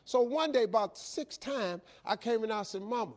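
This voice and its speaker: A man's voice: high-pitched, expressive, moderate pace. A middle-aged man telling a folksy, emphatic, preacher-like story to a live audience as a motivational speaker.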